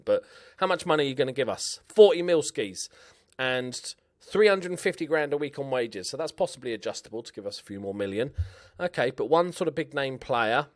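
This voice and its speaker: A young man with a broad Scouse accent, chatting loosely as he clicks through a football management game. His tone is cheeky and informal, with casual swearing and mid-pitched, everyday delivery. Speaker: gaming YouTuber. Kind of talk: casual video game commentary.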